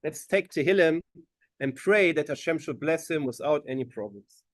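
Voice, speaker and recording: A man's voice: on the high side, animated, normal speed, no echo. A man, a rabbi telling a story at a community gathering and acting out the voices of the people in it. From Germany. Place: gathering hall.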